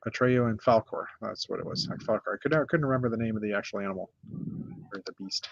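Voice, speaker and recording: A middle-aged man from North America hosting a casual chat, rambling through a list with many pauses and restarts. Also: on the low side, expressive, gravelly, no room sound, muffled recording. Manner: rambling, lots of uh and restarts, shows builds one by one. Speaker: podcast host.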